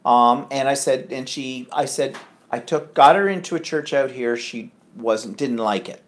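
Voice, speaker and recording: A man's voice: medium pitch, unhurried. A man co-hosting a podcast, chatting and telling a story in which he acts out the people he quotes. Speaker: podcast co-host. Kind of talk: casual chat.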